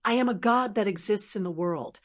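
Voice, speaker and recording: A woman's voice: mid-range voice, fairly quick, close to an everyday voice. A woman voicing a male god in an audiobook, proclaiming his divinity in a lofty tone. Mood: grandiose.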